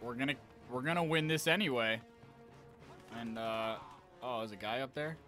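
A young man giving excitable live commentary on an online shooter match, talking to his viewers and trash-talking as he plays. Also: medium pitch, moderate pace, soft background music. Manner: excitable, talks to viewers, trash-talks while playing. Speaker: gaming channel host.

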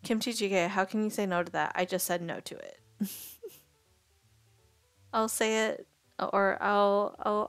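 A woman's voice: mid-range voice, smooth, no room sound. Woman streamer, casual rambling chat, mid-range voice, dry close mic with faint music underneath. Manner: rambling, indecisive, thinking aloud.

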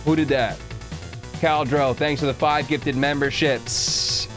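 A man's voice: medium pitch, fairly even intonation, moderate pace. Chatty male game streamer. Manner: chatty, thanks viewers, muses aloud about items. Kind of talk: casual live game commentary. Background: game music.

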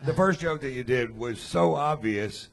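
A man's voice: medium pitch, moderate pace, slight background noise. A man on a comedy panel giving dry, sarcastic feedback to a comic. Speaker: guest panelist. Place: comedy club stage.

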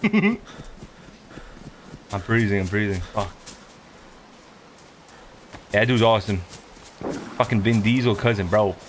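A man's voice: on the low side, expressive, slow, long pauses, a little hiss or hum. A man chatting casually with a friend while gaming, laid-back and swearing freely. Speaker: gamer.

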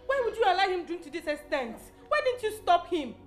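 An actress with a Nigerian accent in a film drama, asking anxious questions. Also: female voice, extremely high pitch, big pitch swings, a little fast, faint music behind.

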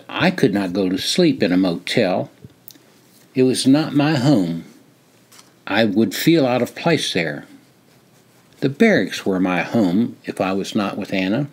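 An older man narrating his own memoir in a measured, plain storytelling voice. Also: fairly low pitch, slightly rough. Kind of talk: reading a personal memoir.

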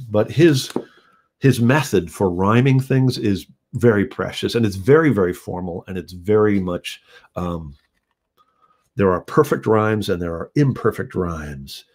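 This man's voice sits low and a little mellow, with a breathy edge. He's a songwriter musing casually and thoughtfully about composing his own song, restarting thoughts and animatedly acting out quotes.

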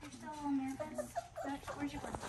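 A woman's voice: high-pitched, flat delivery, quick pace. A woman, chatting casually and gushing over the puppies. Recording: loud background noise at home.

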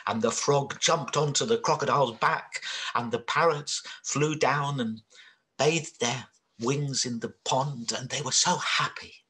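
A man telling a children's story, very expressive and dramatic, dropping to whispers and rising to cries. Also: mid-range voice, measured pace.

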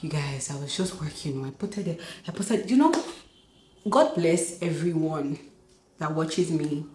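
A young Nigerian woman vlogging from home, telling stories excitedly and acting out dialogue. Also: deep voice, unhurried, slight background noise. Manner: excited, animated storytelling, acts out dialogue. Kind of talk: casual vlog talk. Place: home, indoors. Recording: echoey room.

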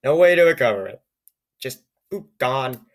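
A man reading an odd, computer-written story aloud, with low-key, wry remarks on the text and frequent stumbles over words. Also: lively intonation, moderate pace. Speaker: YouTuber reading AI-generated stories. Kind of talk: comedic reading with asides.

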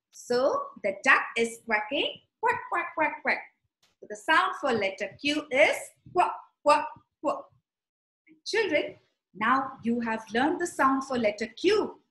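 A woman teaching young children, telling a story and guiding letter writing in a slow, sing-song, animated way. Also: a little high. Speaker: preschool teacher. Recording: echoey room.

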